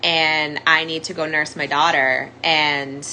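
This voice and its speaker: A woman's voice: low voice, little pitch movement, slow, pushed and bright, a little hiss or hum, poor audio. A young woman candidly telling her own story as a survivor, in a conversational monologue full of "like" fillers. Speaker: domestic violence survivor sharing her story.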